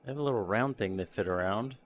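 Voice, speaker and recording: A man with a slightly low voice chats on a live stream as he paints and sorts a model kit. He mutters to himself, trails off mid-thought and chuckles at small mishaps, all in an unhurried casual way. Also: slight background noise. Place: home workshop.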